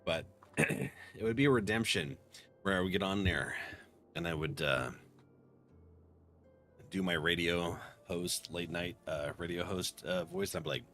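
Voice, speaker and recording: A man's voice: sits low, unhurried, pauses often, fairly bright tone, faint music behind. A man streaming a game, chatting casually, joking, swearing and laughing often. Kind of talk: casual live-stream commentary.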